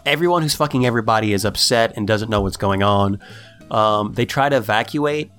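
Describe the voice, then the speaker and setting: A man casually recapping a TV episode for a podcast, acting out the characters in high, excited voices. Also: a little fast, faint music behind. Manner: animated storytelling, acts out characters in high voices. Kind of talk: casual chat.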